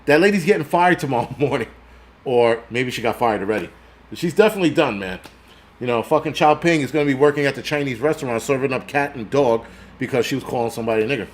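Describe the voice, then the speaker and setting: A man's voice: mid-range voice, fast talker. A middle-aged man hosting a channel in a casual, rambling, profane livestream rant, laughing often and answering chat comments. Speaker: prepper channel host.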